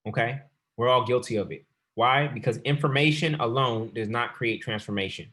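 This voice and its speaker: A man hosting a real estate investing webinar as coach, talking fast and calling the audience y'all. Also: mid-range voice, sharp tone. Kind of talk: sales webinar presentation.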